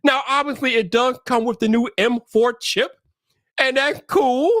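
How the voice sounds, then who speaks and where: High-voiced casual tech livestream host. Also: male voice, fairly even intonation, a little slow, fairly bright tone, no room sound, studio quality. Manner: loose, joking, hype-man delivery with slangy phrasing. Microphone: streaming setup mic.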